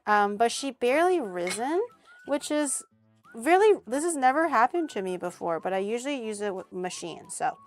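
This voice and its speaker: A woman's voice: fairly high pitch, lively intonation, moderate pace, soft background music. A young woman from Canada, chatting animatedly as she cooks on her stream, laughing often and swearing casually. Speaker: streamer hosting a cooking collab. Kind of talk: casual chat while cooking.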